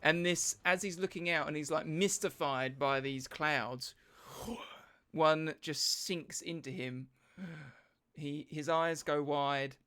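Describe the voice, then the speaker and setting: A man narrating as dungeon master in an animated, laughing way, often searching for words. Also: a little high, takes it slowly, smooth. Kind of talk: narrating a tabletop game.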